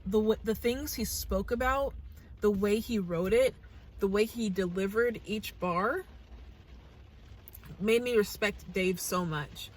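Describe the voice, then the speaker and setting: A woman's voice: medium pitch, takes it slowly, pauses often. A young American woman hosting a reaction channel, talking to camera in a casual, earnest, gushing way and thinking aloud with restarts. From United States.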